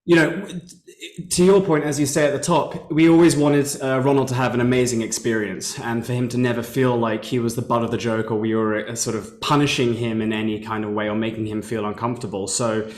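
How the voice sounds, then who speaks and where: A man's voice: mid-range voice, level tone, brisk. A British man, an executive producer, answering questions in an interview and laughing easily. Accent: British English. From Britain. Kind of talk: video call interview. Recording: roomy echo.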